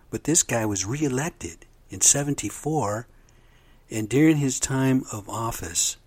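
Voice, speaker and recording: A man's voice: medium pitch, darkish tone. A man giving a blunt, profane, indignant monologue as a commentator. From United States. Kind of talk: angry monologue.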